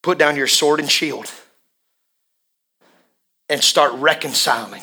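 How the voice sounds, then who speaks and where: A fiery pastor delivering a sermon in a bright, forceful voice that sits a little high for a man. He drops to a near hush and then climbs into full shouts, hammering phrases over and over. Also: husky. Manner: impassioned, swings from hushed to shouting; drawn-out emphatic repetitions.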